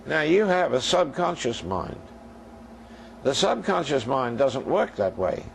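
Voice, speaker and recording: A man's voice: mid-range voice, gravelly, a little hiss or hum, low-quality recording. An older man preaching a sermon as a minister, telling stories and acting out their dialogue for his congregation.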